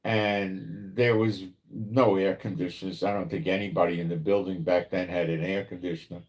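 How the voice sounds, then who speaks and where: Rambling New man, low voice. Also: little pitch movement, moderate pace, darkish tone. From New York, the Bronx. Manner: conversational, rambling, asks listener rhetorical questions. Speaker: prophecy commentator, channel host. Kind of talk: religious commentary monologue.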